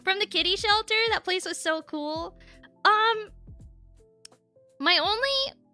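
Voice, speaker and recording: A woman's voice: very high voice, expressive, slow, pushed and bright, no room sound, soft background music. A young woman streaming, chatting casually and candidly with her viewers and swearing freely. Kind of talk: casual live-stream chat.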